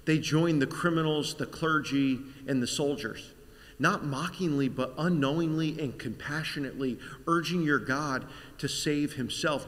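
Slow, hushed man leading a meditation. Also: mid-range voice. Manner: slow, vivid second-person storytelling, sinking to whispers. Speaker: pastor. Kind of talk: guided Good Friday meditation. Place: church sanctuary. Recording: long church reverb.

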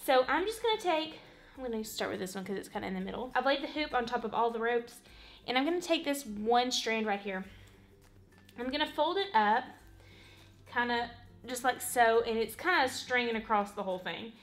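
A woman's voice: a little high, expressive, brisk, faint music behind. A woman giving a casual, rambling craft tutorial at home, saying "y'all" and "literally" a lot. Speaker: craft vlogger. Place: home, working on a wall hanging.

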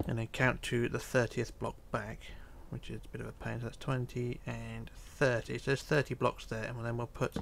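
A gravelly-voiced man, clearly tired and yawning, narrates a casual game tutorial in a mid-range voice at normal speed with few pauses. He stays relaxed, counts blocks under his breath, and sometimes sinks to a near whisper, with slight background noise behind him.

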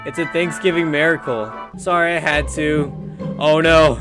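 Excitable young man over loud music. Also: fairly high pitch, moderate pace. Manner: excitable, jokey, yelling at other players. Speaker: gaming video creator. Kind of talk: casual gameplay commentary.

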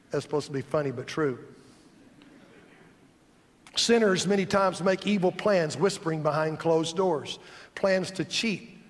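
Male pastor, high-pitched, emphatic sermon delivery in an echoey sanctuary. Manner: emphatic, builds repeated lists. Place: church sanctuary. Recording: echoey church hall.

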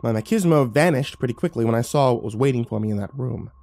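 A man's voice: medium pitch, animated, fast talker, gravelly, darkish tone. A man reading horror stories aloud, building tension and turning urgent in the action scenes. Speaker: horror story narrator. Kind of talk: dramatic horror story narration.

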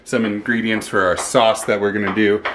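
A man's voice: lowish voice, flat delivery, moderate pace. A man explaining a home cooking recipe step by step in an easygoing, casual way, in a home kitchen. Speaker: home cook co-host. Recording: home kitchen with pan and dish noise.

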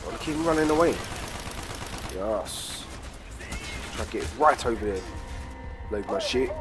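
A British man giving crude, excitable let's play commentary while trash-talking enemies in a war game. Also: mid-range voice, a little slow. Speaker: gamer. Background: game music and gunfire.

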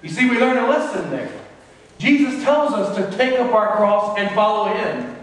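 A man's voice: sits high, expressive, moderate pace. A man preaching a sermon as pastor, reading scripture aloud and explaining it to the congregation. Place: church sanctuary. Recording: echoey church hall from far off.

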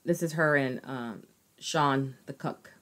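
A woman's voice: rumbling low, slow pace. A woman co-hosting a casual true crime podcast, telling the story with acted-out quotes. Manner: animated storyteller, acts out quotes. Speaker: podcast co-host.

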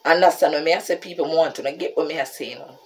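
Animated Jamaican woman telling a story. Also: low voice, quick pace, a little hiss or hum. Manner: animated, keeps addressing viewers as "people". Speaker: vlogger. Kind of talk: storytime vlog.

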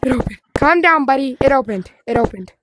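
A woman playing a horror game with a friend, yelling quick commands and screaming when scared. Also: high-pitched, expressive, very noisy. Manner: screams, frantic repeated commands. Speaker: gaming YouTuber. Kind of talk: excited co-op game commentary.

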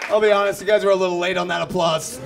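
A young man doing a stand-up comedy set, telling self-mocking stories and shouting out punchlines. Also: high voice, fairly even intonation, rapid-fire, gravelly, background noise. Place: comedy club with a live audience. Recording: live club recording with crowd. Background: audience laughter.

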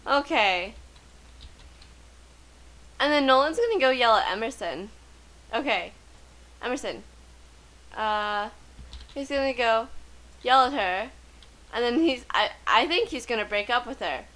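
Excitable woman gamer, high voice. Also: measured pace, pauses often, poor audio. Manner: chatty, excitable, gasps and laughs often. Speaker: let's play gamer. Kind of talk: casual gameplay commentary.

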